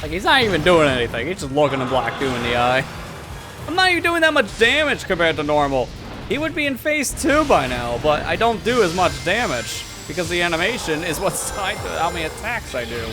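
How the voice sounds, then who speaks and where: A man's voice: a little high, sing-song, fairly quick. Joking male game streamer. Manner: joking, laughs often. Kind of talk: live gameplay commentary. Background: game music.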